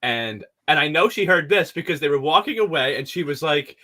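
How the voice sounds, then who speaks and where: A man co-hosting a casual chat podcast, his voice bright and a bit higher than most. He talks loosely, with plenty of fillers and frequent laughs. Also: animated, moderate pace, few pauses. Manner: chatty, laughs often, lots of fillers. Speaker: podcast co-host.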